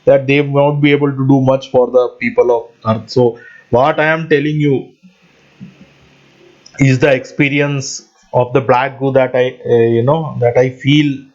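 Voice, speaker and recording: A man's voice: medium pitch, fairly even intonation, a little slow, darkish tone. A man hosting his own channel, rambling in a casual monologue with frequent little laughs and constant asides to his viewers, speaking English as a non-native speaker. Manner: rambling, often laughs mid-sentence, keeps addressing viewers as guys. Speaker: channel host. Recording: dull lo-fi audio.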